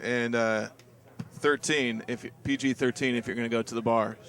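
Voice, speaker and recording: A man giving relaxed color commentary on a football game with dry, joking asides. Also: mid-range voice, normal speed. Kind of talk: live sports webcast commentary.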